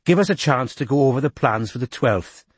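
A man voicing a stately older woman minister with a Welsh accent, speaking in a deep, melodious, composed way. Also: lively intonation, fairly quick, husky, dry recording.

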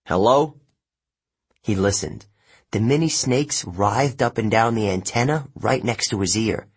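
A man reading an audiobook in a measured, plain storytelling way. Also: on the low side, breathy edge. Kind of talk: audiobook narration.

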